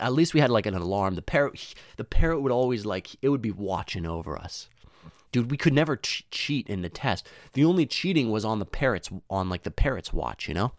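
A young man rambles through a casual story, swearing freely and slipping into voices for the people in it. His pitch swings widely. The recording is very dry, with no room sound. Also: no room sound. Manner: rambling, profane, slangy, acts out voices.

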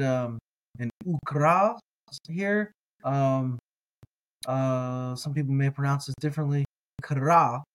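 A man teaching a reading lesson, patiently repeating each word slowly for listeners to echo. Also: on the high side. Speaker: language teacher.

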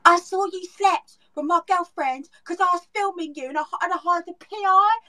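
A woman's voice: very high voice, normal speed, sharp tone, voice pushed up. A woman voicing an angry young man who keeps repeating his accusation on a talk show. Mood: accusing. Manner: heated, accusing, repeating himself. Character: angry young man confronting a cheating partner.

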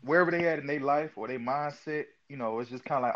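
A man's voice: mid-range voice, quick pace, few pauses. A man hosting a podcast, chatting in a laid-back way with lots of fillers. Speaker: podcast host. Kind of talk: casual chat. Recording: dull lo-fi audio.

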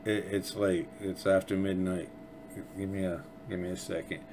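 A man's voice: low-pitched, level tone, moderate pace, noisy background. A man hosting a casual political commentary show, rambling and sarcastic, often restarting his sentences. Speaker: podcast host.

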